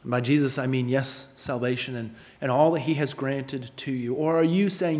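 A man preaching a sermon with earnest emphasis, rising in volume on key points and dropping low for questions. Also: moderate pace, few pauses, a little mellow. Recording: long hall reverb.

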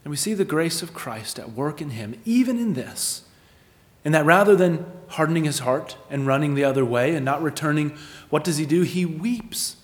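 A man preaching a sermon, asking rhetorical questions and moving between emphatic lines and hushed ones. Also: a little high, expressive, normal speed, big-room sound. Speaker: pastor.

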